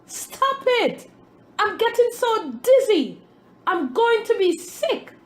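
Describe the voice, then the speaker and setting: Storybook talking bread, woman doing it, fearful and dramatic, very drawn-out delivery. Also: sing-song, mellow, full character voice. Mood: distressed. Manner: shrill, pleading cries.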